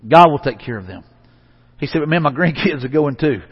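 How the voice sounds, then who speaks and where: A man pastor preaching a conversational sermon in a church, repeating phrases and letting line endings drop soft. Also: a little high, animated, fairly quick, husky. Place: church sanctuary. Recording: dull, reverberant church hall recording.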